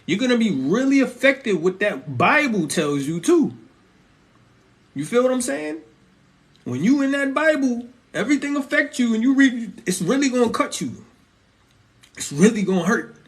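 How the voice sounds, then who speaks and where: High-voiced man preaching casually. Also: moderate pace. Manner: animated, conversational, slangy, keeps asking "you feel me". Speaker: Christian vlogger.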